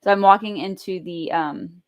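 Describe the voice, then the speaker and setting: A woman's voice: on the low side, normal speed, muffled recording. Chatty, profane woman vlogger. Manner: animated, profane, chatty storytelling. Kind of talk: casual storytelling vlog.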